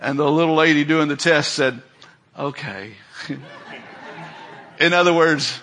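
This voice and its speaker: A man's voice: fairly high pitch, a little slow, fairly bright tone. A middle-aged male preacher giving a folksy sermon, telling stories and acting out the people in them. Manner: folksy storytelling, acts out quoted voices, laughs often.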